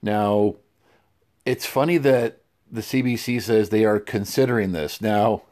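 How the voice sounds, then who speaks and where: A man's voice: on the low side, a little slow, a little mellow. Wry chuckling male radio co-host. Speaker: radio talk show co-host. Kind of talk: casual talk radio banter.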